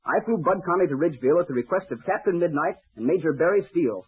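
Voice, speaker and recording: A man's voice: on the high side, expressive, fast, slightly rough. An actor playing an earnest young male pilot, eager and insistent, in 1940s radio acting from a tinny, muffled old recording.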